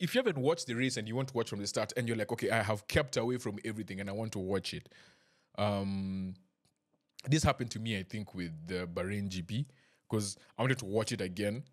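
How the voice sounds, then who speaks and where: A man hosting a podcast in a casual, chatty and self-deprecating way, joking with his listeners over a desk mic. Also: mid-range voice. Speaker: podcast host. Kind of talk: casual chat.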